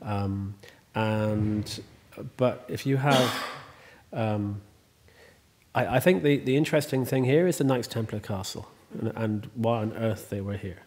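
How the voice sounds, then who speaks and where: The host, an Irish estate owner, has a lowish, darkish voice and keeps a measured pace. In a casual interview he rambles chattily, stumbling through many ums and restarts.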